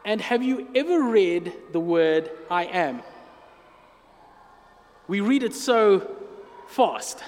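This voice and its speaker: A man's voice: high voice, very animated, slow pace, long pauses, a little mellow. A man preaching a sermon as pastor, earnest and emphatic, drawing out key phrases. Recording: long hall reverb.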